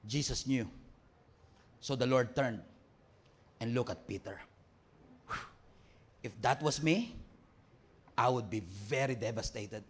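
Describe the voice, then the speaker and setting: A man with a Filipino accent, a pastor preaching a sermon, switching between English and Tagalog and moving from loud, excited storytelling to hushed reflection. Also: mid-range voice. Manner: mixes English and Tagalog mid-sentence.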